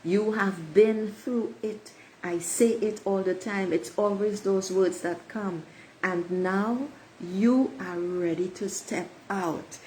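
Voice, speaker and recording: This is an oracle card reading for viewers, delivered by a woman who speaks emphatically, repeats her affirmations, and calls listeners beautiful souls. Her lowish voice is slow and a little mellow. The rough recording has slight background noise.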